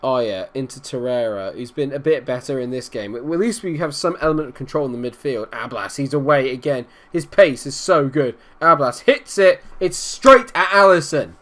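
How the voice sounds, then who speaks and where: Casual frustration colors this young gaming commentator's take on his football management game. His voice stays a low mutter, then jumps to a shout the moment his team scores.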